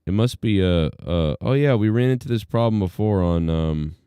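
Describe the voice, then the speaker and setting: A man with a low, mellow voice talks casually as the host of a live stream. His tone is smooth and dry, and he rambles along loosely, thinking out loud. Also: animated, moderate pace, no room sound. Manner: laid-back, rambling, lots of fillers.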